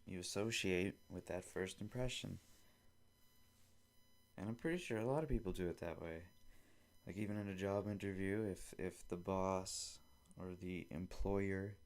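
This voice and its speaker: A young man hosting a solo podcast, rambling casually and acting out both sides of made-up conversations, with some swearing. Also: low voice. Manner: rambling, acts out both sides of imagined dialogues; casual and profane. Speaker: podcast host.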